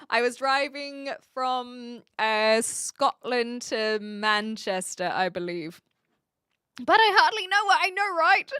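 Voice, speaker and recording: Bright high-voiced New woman streamer. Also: no room sound, studio quality. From New Zealand. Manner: chatty, animated, frequent fillers and restarts. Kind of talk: casual live-stream chat reading viewer messages.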